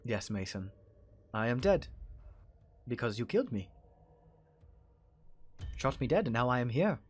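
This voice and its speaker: A man voicing a dead man come back, speaking softly in a measured, quietly menacing way with a put-on accent. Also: medium pitch, big pitch swings. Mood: eerie calm. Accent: foreign accent put on. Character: dead man returned, eerie and calmly polite.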